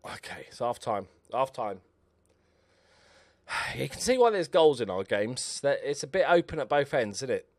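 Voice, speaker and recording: A man talking through a football management game as he plays, cheering his team on out loud. His pitch swings up and down with lively energy, and his voice sounds close and dry with no room echo. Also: normal speed, long pauses. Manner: chatty, cheering on his players aloud. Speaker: video game commentator. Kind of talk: casual live gameplay commentary.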